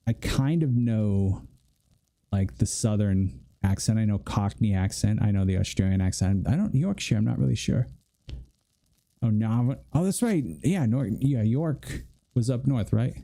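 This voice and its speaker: Man, game streamer, very dark mellow tone, mid pitch, chatty and joking, rambling. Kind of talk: casual gameplay commentary.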